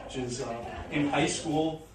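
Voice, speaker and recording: A man's voice: fairly high pitch, fairly even intonation, a little slow, crowd noise. A young man doing stand-up, telling a rambling story full of swearing and laughing through his punchlines. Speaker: stand-up comedian. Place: comedy club stage. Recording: roomy, distant mic, audience noise. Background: audience in a club.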